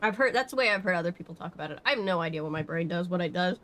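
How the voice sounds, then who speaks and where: A woman from Georgia with a slight Southern accent chats casually with her live-stream audience. Her voice is on the low side and fairly bright, and she talks very fast and animatedly, rambling with fillers and restarts.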